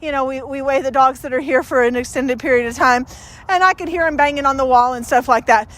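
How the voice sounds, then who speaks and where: A woman's voice: high voice, fast, a bit bright. A woman dog trainer giving a casual training demonstration, chatting with many fillers and breaking off for short, upbeat praise to the dog.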